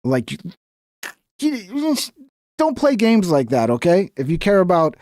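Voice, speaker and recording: A man's voice: high voice, huge pitch swings, a little slow, a little mellow, dry recording, studio quality. A man giving casual live-stream commentary on news clips, crude, swearing and mocking.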